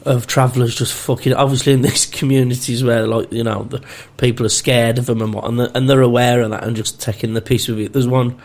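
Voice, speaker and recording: A man's voice: medium pitch, a little fast, hardly any pauses. A British man on a podcast, telling stories in casual chat, swearing freely and laughing a lot as he acts out the people in them. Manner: animated storyteller, swears a lot, laughs often, acts out quoted voices. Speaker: podcast co-host.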